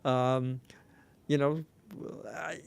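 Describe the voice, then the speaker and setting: A man co-hosting a podcast as political analyst, earnest and measured, with fillers. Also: mid-range voice, fairly even intonation, vocal fry, smooth. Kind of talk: casual podcast chat.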